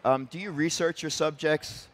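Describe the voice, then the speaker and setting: A man's voice: on the high side, moderate pace. Easygoing man moderating a stage panel. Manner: friendly, rambling introductions. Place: event stage before a crowd.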